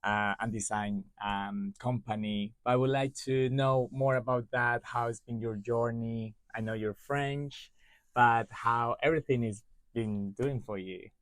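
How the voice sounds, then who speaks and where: A man's voice: mid-range voice, steady tone, measured pace, fairly bright tone, no room sound. A man hosting a podcast, welcoming and upbeat, with loose phrasing. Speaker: podcast host. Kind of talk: casual interview hosting.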